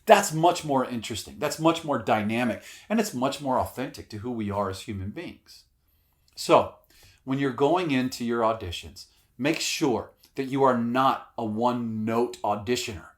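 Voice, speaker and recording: A man's voice: medium pitch, expressive, normal speed. Emphatic man giving acting tips. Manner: emphatic, swears casually, acts out examples. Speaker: acting coach. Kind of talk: casual spoken acting advice.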